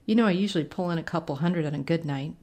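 A woman reading a short story aloud, voicing a smooth-talking male caller who speaks low, soft and confident. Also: very fast. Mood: low, coaxing.

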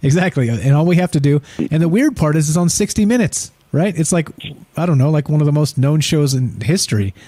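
Man, call-in show host, fast and rambling, mellow tone, dry close sound. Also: a little high, animated, no echo. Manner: quick-talking, rambling with fillers. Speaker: podcast host. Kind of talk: casual live call-in show.

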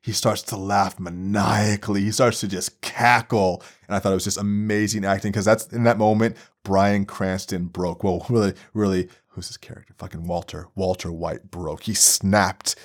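A young man hosting a podcast, delivering an essay-style commentary in an animated, profane way that swings from low mutters to loud outbursts. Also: moderate pace, hardly any pauses. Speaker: podcast host.

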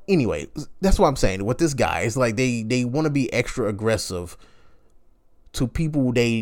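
A young man hosting a podcast, telling a story in a casual slangy rant and acting out the people he quotes. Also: medium pitch. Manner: animated, slangy, acts out quoted lines with laughs. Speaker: podcast host.

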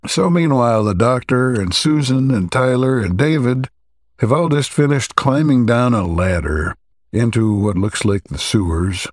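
A man co-hosting a podcast, recapping a story's plot in a relaxed, halting way with frequent pauses. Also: medium pitch, no echo, clean studio sound. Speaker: podcast co-host.

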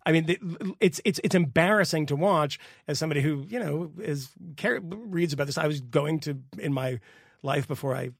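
Animated ranting man, higher voice. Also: normal speed, creaky, no room sound, studio quality. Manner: animated, exasperated, swearing, laughing mid-sentence. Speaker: podcast co-host. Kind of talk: casual political rant.

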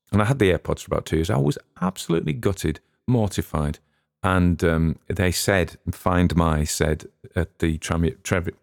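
A man's voice: low voice, darkish tone, dry recording, studio quality. A man, hosting a podcast and chatting in a rambling, musing way with plenty of restarts. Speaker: podcast host. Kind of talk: casual rambling commentary.

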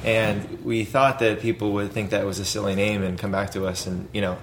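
A man's voice: fairly low pitch, level tone, normal speed, slight background noise. A man who founded a food company, talking casually in an interview and rambling with many fillers and restarts.

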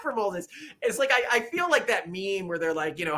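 A man's voice: high voice, animated, a little fast, pushed and bright. A man co-hosting a casual talk show, mocking his targets and acting out quoted voices in exaggerated tones. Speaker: podcast co-host. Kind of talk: casual sarcastic commentary.

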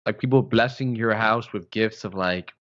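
A man co-hosting a casual podcast, telling relaxed stories about his house with jokey asides. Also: fairly low pitch, moderate pace, highs cut off. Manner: laid-back storytelling, jokey asides. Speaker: podcast co-host. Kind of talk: casual chat.

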